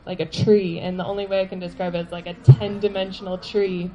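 Woman, live storytelling, animated, laughs a lot, filler-heavy, warm mellow tone, mid pitch. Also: fairly quick, poor audio. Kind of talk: personal story told to a live audience.

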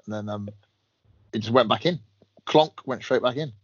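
A husky-voiced man telling animated stories among friends, slipping into other people's voices. The recording is dry and dull, close to the mic. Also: mid-range voice, normal speed, no echo. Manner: animated storyteller, acts out others. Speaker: podcast co-host. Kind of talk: casual banter.

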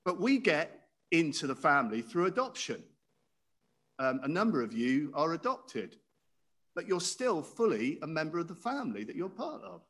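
A man's voice: a little high, very animated, normal speed, a bit bright. A man preaching a sermon in a conversational way, often asking his listeners questions. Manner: conversational, asks the audience questions.

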